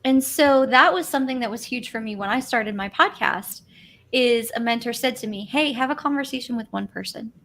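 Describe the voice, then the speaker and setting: Speaking over a video call, a woman with a slightly high, fairly bright voice talks a little fast about branding as a guest on a casual live stream interview. She is enthusiastic and conversational and often says "like."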